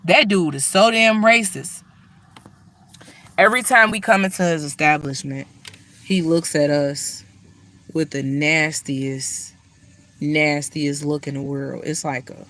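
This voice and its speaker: A woman tells stories in a blunt, profane, animated rant. Her voice is bright and sharp. She talks casually, like she is speaking straight to her viewers. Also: deep voice, a little slow. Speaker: vlogger.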